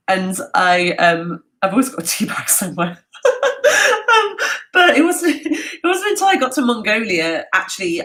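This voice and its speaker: A woman's voice: on the low side, a bit bright, poor audio. A woman talking casually in a live Q&A, chatty and self-mocking, with many fillers and restarts. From half British. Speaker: travel speaker answering audience questions.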